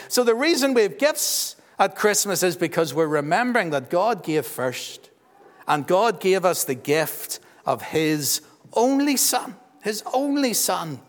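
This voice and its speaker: High-voiced pastor, church echo. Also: male voice. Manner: warm, teasing, quizzes children. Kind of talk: children's talk in a church service. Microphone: handheld microphone passed around. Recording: long church reverb.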